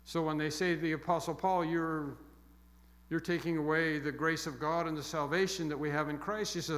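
A man preaching a sermon with emphatic, repeated phrases that fall soft and quiet toward the close. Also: fairly high pitch, fairly even intonation, normal speed. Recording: long echo of a large hall.

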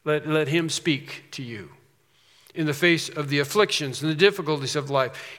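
A man preaching a sermon as pastor, swelling to loud, slowed emphasis on key phrases and dropping back to a quieter tone. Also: fairly high pitch, animated, in a large hall.

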